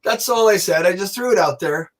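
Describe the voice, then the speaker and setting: Animated storytelling man, slightly high voice. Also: a little fast. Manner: animated, swearing, acts out quotes. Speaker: podcast guest. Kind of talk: casual storytelling.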